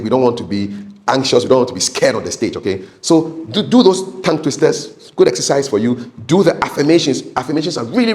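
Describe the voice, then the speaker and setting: Chatty man coaching public speaking. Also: medium pitch. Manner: repeats words, frequent okay tags, chuckles. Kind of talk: casual talking-head lesson.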